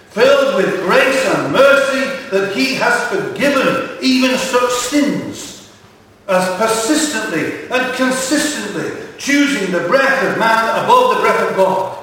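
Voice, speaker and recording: A man preaching a sermon, earnest and deliberate, asking rhetorical questions and quoting scripture, recorded in a large church hall. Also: high-pitched, a bit bright, a little hiss or hum. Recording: echoey hall heard from far off.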